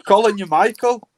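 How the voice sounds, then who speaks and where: Bloke, crude banter, voice jumping all over, dry mic. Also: male voice, sits high, darkish tone, dry recording. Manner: crude teasing, cackling laughter. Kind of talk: casual banter.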